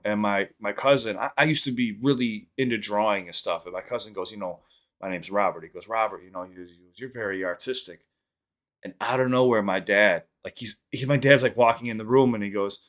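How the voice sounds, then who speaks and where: A man hosting a reaction channel, rambling through a story and quick sign-off plugs in casual chat. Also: mid-range voice, fairly bright tone.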